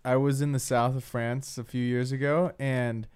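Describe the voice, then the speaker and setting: A man's voice: mid-range voice, little pitch movement, moderate pace, darkish tone, clean tone. A man from the United States telling stories in a casual podcast chat, swearing and saying "dude" a lot.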